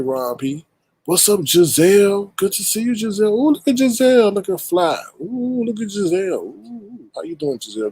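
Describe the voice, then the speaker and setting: On his own livestream show, a man greets viewers one at a time, playful and casual, with animated shout-outs and stretched-out hellos. His mid-range voice has a breathy edge, and the audio quality is poor.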